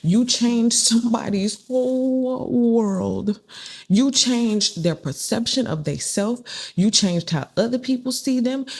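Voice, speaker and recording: This woman's voice is a little high, husky, and a bit mellow. She does a casual spiritual tarot reading in a talkative, repetitive way, frequently taking on the voices of people she mentions.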